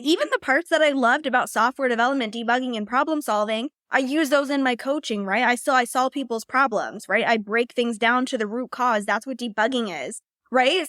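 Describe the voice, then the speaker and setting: A woman's voice: fairly high pitch, a bit bright, dry recording. Chatty young woman, dry close mic. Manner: casual, heavy use of "like", laughs often. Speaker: podcast host and coach. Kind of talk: personal storytelling monologue.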